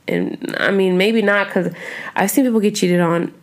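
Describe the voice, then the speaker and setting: A woman's voice: medium pitch, fairly even intonation, moderate pace. A young woman hosting a podcast in casual chat, rambling and swearing often. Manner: rambling, chatty, cusses a lot. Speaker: podcast host.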